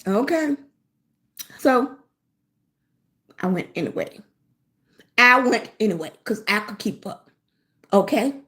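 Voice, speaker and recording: Slow, animated storytelling woman. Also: medium pitch. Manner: animated, repeats phrases, fills with mm-hmm. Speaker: lifestyle blogger on a livestream. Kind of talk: casual storytelling on a live stream.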